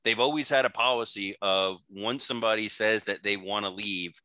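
Man, podcast co-host, low pitch, very bright sharp tone, earnest news recap, dry sound. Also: steady tone, smooth, dry recording. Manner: earnest, measured, profane asides. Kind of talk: casual chat, news recap.

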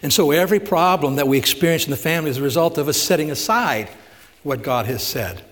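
A man's voice: fairly high pitch, quick pace, a bit bright. Man preaching in a reverberant church hall. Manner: asks rhetorical questions, retells stories with emphasis. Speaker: pastor. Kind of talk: conversational sermon.

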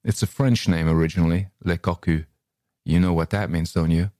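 A battle-worn corporal with a New York accent drawls short, curt answers in a languid way, voiced by a man reading a story aloud. His voice sits very low. It sounds close and dry, with no room around it. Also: steady tone, a little fast, dark tone, no room sound, lightly acted. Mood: laconic. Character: curt, weary, scarred American army corporal.

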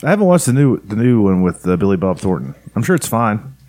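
A man co-hosting a casual podcast, trading deadpan jokes and swearing. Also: on the low side, quick pace, no room sound. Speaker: podcast co-host. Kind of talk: casual crude banter.

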